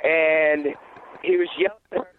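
Man, higher voice, crude rambling storyteller, dull lo-fi dry recording. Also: fairly even intonation, slow, noisy background. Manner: rambling, crude, acts out yelling. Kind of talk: casual storytelling.

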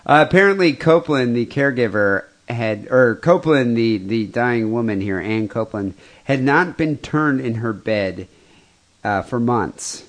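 A man, co-hosting a podcast in casual chat, retelling a grim story with meandering, halting restarts. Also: mid-range voice, expressive. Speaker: podcast co-host.

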